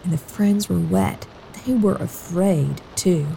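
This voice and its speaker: A woman slowly and gently telling a Bible story to children, speaking expressively and addressing them directly. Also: on the low side, creaky, slight background noise, poor audio. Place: at home.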